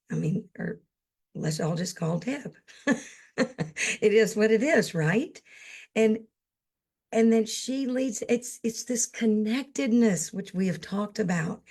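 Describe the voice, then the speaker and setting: Slow, gravelly-voiced woman speaker. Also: medium pitch, dark tone. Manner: emotional, slow and earnest. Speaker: summit speaker. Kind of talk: heartfelt closing remarks.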